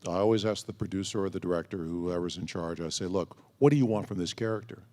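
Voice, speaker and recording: This man's low, darkish voice moves fast as he fields fan questions on a convention panel, spinning anecdotes and performing quoted lines. It's storytelling Q&A in a large convention hall, captured with long hall reverb.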